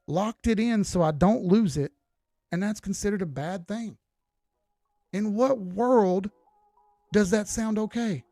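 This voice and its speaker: Blunt lecturing man, fairly high voice. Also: mellow. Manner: blunt, lecturing, acts out quoted people. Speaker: livestream host talking investing. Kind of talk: casual ranting monologue.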